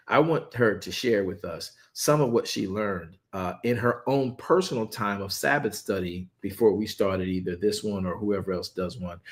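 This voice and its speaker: A man preaching a lively Sabbath study on a livestream, repeating words and adding playful asides. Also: lowish voice. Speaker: pastor leading online Sabbath study. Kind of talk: lively sermon and livestream chat.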